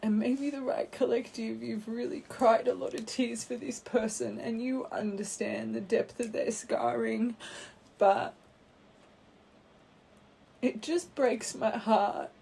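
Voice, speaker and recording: A woman giving a tarot card reading to her viewers, speaking gently and heartfelt and calling her listeners her angels. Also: on the high side, steady tone, measured pace, creaky, slight background noise. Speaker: tarot reader.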